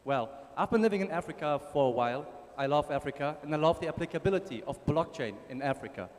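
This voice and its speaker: In a conference ballroom with long hall reverb, a man with a German accent gives a casual talk and jokes with the audience. His voice is on the high side, expressive and fast.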